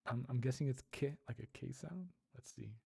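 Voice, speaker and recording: An ASMR livestreamer chatting casually with viewers, soft-spoken, curious and quick to giggle. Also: mid-range voice, expressive, creaky, slightly rough.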